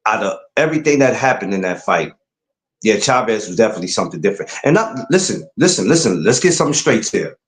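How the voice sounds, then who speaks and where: New dude ranting about boxing, voice jumps all over, roomy echo. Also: male voice, fairly low pitch, fast talker. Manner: animated, emphatic, rising to incredulous outbursts. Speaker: podcast host. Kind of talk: casual boxing talk.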